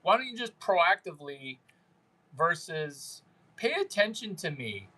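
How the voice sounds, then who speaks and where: A man with a somewhat high voice hosts a livestream, talking to his viewers in an unhurried, drawn-out way. He rambles, teases and jokes crudely, now and then mimicking the people he talks to. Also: sing-song, pushed and bright, low-quality recording. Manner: brash, rambling, crude, mocking. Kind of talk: unscripted livestream chat with viewers.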